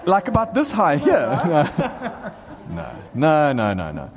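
Excitable preacher guy, high voice swinging all over, long echo from the hall. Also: very slow, crowd noise. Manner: animated, bursts into excited shouts and laughs. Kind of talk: sermon. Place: small hall with a few people.

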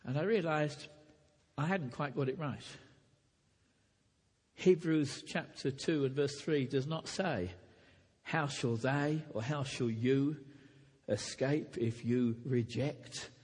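A man's voice: medium pitch, takes it slowly, long pauses, darkish tone, husky. A man preaching a sermon to fellow preachers, earnest and emphatic, often restarting his phrases and building to raised peaks. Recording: echoey hall reverb.

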